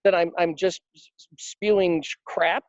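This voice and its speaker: A man's voice: high-pitched, fairly even intonation, moderate pace, no room sound, highs cut off. A man being interviewed about his work coaching financial advisors, telling anecdotes with emphasis and acting out the quotes. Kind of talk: conversational interview storytelling.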